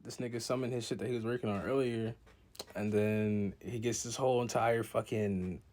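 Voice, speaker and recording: A young man casually recapping a manga chapter in slangy, profane talk, jumping into character voices in excited bursts. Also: on the low side, normal speed. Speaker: content creator recapping a manga.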